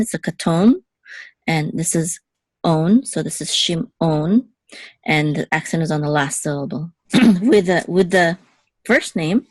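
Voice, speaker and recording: A woman with a notably low voice, teaching Hebrew letters and vowels in a patient, step-by-step way. She checks in often with a quick "okay?" The recording is dry and close, with no room sound. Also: dry recording. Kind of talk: one-on-one lesson.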